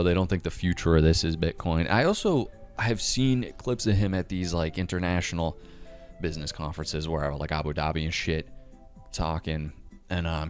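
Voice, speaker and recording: A low-voiced man rambling excitably through a casual monologue, swearing freely and jumping between thoughts. Faint music plays underneath his talk. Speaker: crypto commentator.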